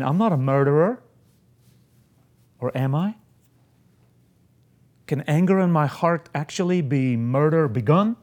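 A man's voice: on the high side, a little mellow. A man preaching a sermon, reading scripture aloud and then explaining it. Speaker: pastor.

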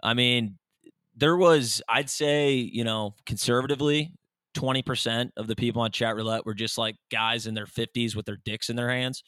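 A young man riffs and rambles through jokes in a casual podcast chat, full of fillers and half-finished thoughts. His voice is bright and crisp, recorded dry and close with no room sound. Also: mid-range voice, fairly even intonation, moderate pace, dry recording. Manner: rambling, jokey, lots of fillers. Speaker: podcast co-host.

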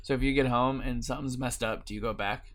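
A young man co-hosting a podcast in casual chat, telling stories in a relaxed way with fillers. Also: mid-range voice, quick pace. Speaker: podcast co-host.

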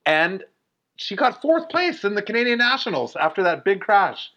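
A man in his forties telling a story in a casual, animated way, full of "like" fillers. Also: high-pitched, moderate pace. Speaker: guest. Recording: dull lo-fi recording.

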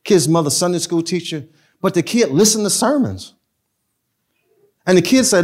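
A pastor tells stories with real animation, dropping to a hush and then building back up. His voice sits a little high for a man. The delivery is casual and conversational, never stiff. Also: moderate pace. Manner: animated, street-casual storytelling with sudden loud and soft swings. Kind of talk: storytelling talk.

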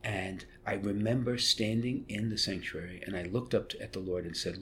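Animated male priest telling a story. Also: fairly low pitch, moderate pace, a little hiss or hum. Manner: animated storyteller who acts out quotes and laughs. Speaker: Catholic priest. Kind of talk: personal storytelling interview.

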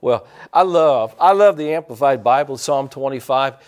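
A man's voice: medium pitch, expressive, normal speed, smooth. A man preaching a sermon to his congregation in church, folksy and rambling, breaking off for asides to people in the pews. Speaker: pastor.

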